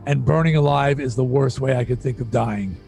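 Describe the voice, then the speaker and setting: A middle-aged man telling stories in a casual interview, animated and profane, often repeating himself as he gets worked up. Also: medium pitch, a little fast, creaky, soft background music. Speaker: interview guest.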